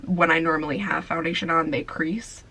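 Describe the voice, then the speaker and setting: A woman's voice: sits low, fairly even intonation, moderate pace, sharp tone, husky, poor audio. A young woman vlogger, tired and sleepy, chatting casually through a makeup tutorial with lots of filler words. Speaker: beauty vlogger.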